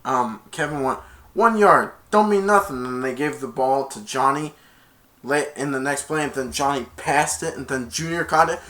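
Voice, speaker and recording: A man recapping a movie in a loose, rambling way. His sentences stall and restart, and he jumps into loud, excited quotes of the characters. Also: medium pitch, normal speed. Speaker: movie reviewer. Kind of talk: rambling movie plot retelling.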